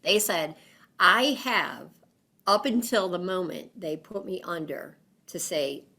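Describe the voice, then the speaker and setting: Bright, animated woman telling her story. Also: lowish voice, slow pace, creaky. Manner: animated, lots of fillers, acts out quoted voices. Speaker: guest. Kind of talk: storytelling in an interview.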